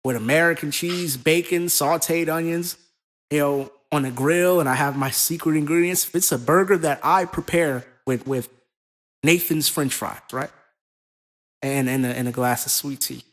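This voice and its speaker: A man co-hosting a casual podcast, talking in an animated, profane, rambling way. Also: fairly high pitch, moderate pace. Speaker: co-host.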